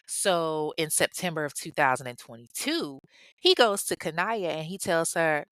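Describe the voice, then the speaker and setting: A woman's voice: on the low side, animated, moderate pace, a bit bright, smooth, no echo. Sassy, profane woman storyteller. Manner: profane, sassy, talks straight to the listeners. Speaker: podcast host. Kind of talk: casual true-crime storytelling.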